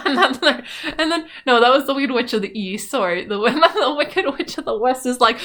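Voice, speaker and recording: A woman's voice: on the high side, animated, normal speed, a bit bright. A woman vlogging in a rambling, profane, casual monologue with lots of filler words.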